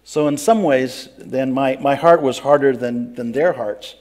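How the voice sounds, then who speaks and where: An actor plays a grumpy, complaining biblical prophet, telling his own story in first person during an interview. His medium-pitched voice is a little slow, a little mellow, and lightly acted. He's plain-spoken and earnest, breaking into pleading outbursts.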